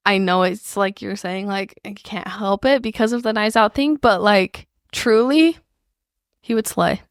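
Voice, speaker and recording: A woman's voice: mid-range voice, a little slow, smooth, no echo, studio quality. A young woman co-hosting a book club podcast, chatting casually and rambling with fillers. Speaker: podcast co-host.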